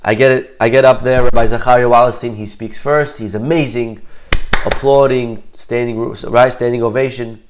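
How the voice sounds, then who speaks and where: A man's voice: mid-range voice, little pitch movement, moderate pace. Guy giving a talk, telling a story, acts out the people in it. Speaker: speaker.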